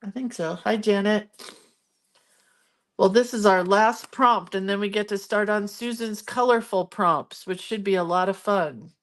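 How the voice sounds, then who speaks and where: A woman hosts a live art stream from her home, talking slowly and warmly to viewers as she works. She greets people by name and chats casually about her crafts. Her voice sits at a middle pitch. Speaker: art livestream host.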